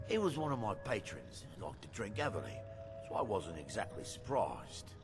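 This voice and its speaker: An actor playing a gruff male innkeeper in a game, telling a tall tale with animated delivery. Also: fairly low pitch, normal speed, over music. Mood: warning. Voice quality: animated storyteller. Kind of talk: game dialogue.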